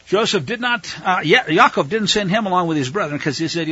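A man's voice: high voice, animated, fairly quick, hardly any pauses, sharp tone, slightly rough, highs cut off. A man teaching a Bible passage verse by verse in a casual, conversational way with asides. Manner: conversational, explaining, with fillers and asides.

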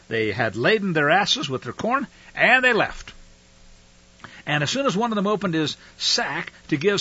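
A man's voice: on the high side, sharp tone, slightly rough, no room sound. A man teaching the Bible verse by verse, reading passages aloud and then explaining them in his own words. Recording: dull lo-fi dry recording.

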